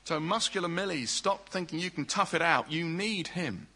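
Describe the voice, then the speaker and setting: A man preaching a sermon in an earnest way, often dropping to soft, hushed tones. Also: a little high, lively intonation, normal speed, husky, low-quality recording.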